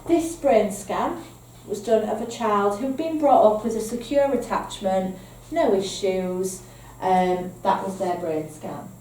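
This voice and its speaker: Her pitch is medium and her pace slow, with hardly any pauses and a dark tone over slight background noise. She's a Northern English woman training foster carers, patiently working through points and checking "okay?". Sound comes from a distant mic in an echoey room with faint ambience.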